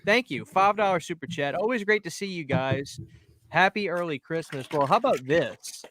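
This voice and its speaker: A man's voice: on the high side, lively intonation, normal speed, noisy background. A man hosting a casual livestream, upbeat and reading out chat names. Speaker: livestream host.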